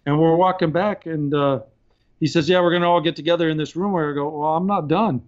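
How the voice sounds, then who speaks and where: Slightly high-voiced male guest, laughs through his anecdotes, lightly dulled podcast sound. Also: fairly even intonation, brisk, lo-fi sound. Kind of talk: casual storytelling.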